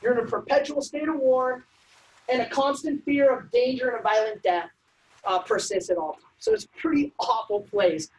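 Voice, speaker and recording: A woman presenting a civics workshop, lecturing in a brisk, conversational way with frequent ums and uhs. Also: high voice, expressive, darkish tone, low-quality recording. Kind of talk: informal lecture.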